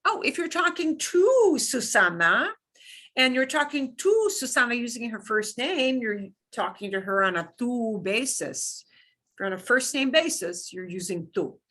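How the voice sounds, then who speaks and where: A woman's voice: a little high, big pitch swings, a little slow, a bit bright. A woman teaching a beginners' Spanish class, explaining patiently with examples and repetition. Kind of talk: classroom lesson.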